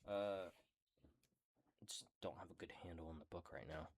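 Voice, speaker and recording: A man's voice: deep voice, fairly even intonation, a little hiss or hum. A man casually reading a character book aloud, often stumbling over words, correcting himself and apologizing. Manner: slow, halting reading. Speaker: hobby reader of a character book. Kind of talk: casual read-aloud with asides.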